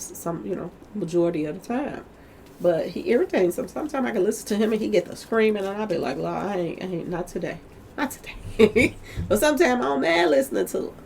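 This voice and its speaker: A woman with a slightly squeaky voice in a casual commentary monologue, candid and colloquial, who laughs often and keeps asking her viewers "okay, y'all?". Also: animated, a little fast, vocal fry, darkish tone, a little hiss or hum. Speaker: commentary vlogger.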